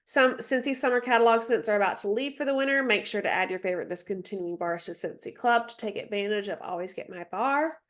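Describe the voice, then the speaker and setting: A woman's voice: medium pitch, fast, hardly any pauses, a bit bright. A woman with a stuffy nose mentoring a sales team on a video call, chatty, with many ums and asides as she reads through slides. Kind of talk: casual training session, reading slides.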